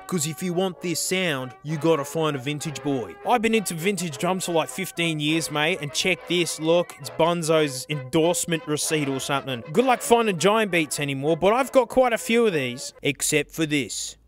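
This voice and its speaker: A young man hosting a drum vlog, talking casually and excitably, going from low mutters to loud outbursts. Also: moderate pace, hardly any pauses, soft background music. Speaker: drum channel host.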